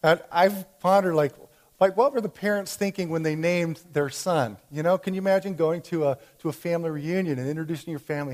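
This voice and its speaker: A pastor preaches a sermon in a conversational style, explaining a Bible story with fillers and restarts. His voice is a little high and brisk.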